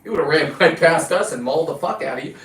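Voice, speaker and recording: A fast-talking middle-aged man with a slightly high, fairly bright voice rambles casually through a foul-mouthed, boastful story as host of his own videos. Slight background noise sits under an echoey, distant recording with faint ambience.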